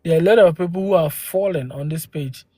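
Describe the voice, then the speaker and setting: A man's voice: on the high side, brisk, mellow, no echo. A man from Ghana, hosting a live stream and arguing with viewers through rhetorical questions and exclamations into a phone. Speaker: livestream host.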